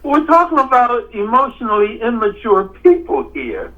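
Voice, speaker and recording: A man's voice: very high-pitched, huge pitch swings, normal speed. A man co-hosting a podcast, talking earnestly in casual chat and laughing often. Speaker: podcast co-host. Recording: dull lo-fi sound.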